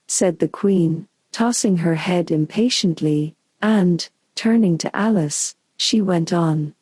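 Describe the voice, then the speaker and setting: A woman narrating a bedtime storybook in a calm, soothing, unhurried way. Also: fairly low pitch, husky, dry recording. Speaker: audiobook narrator.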